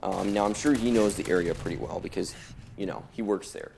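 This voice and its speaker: Young male gameplay commentator, low-pitched and gravelly, loose rambling delivery with loud gunfire underneath. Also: brisk, a little hiss or hum. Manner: rambling, laid-back, heavy on filler words. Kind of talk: casual chat over gameplay. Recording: loud gunfire from game audio behind voice.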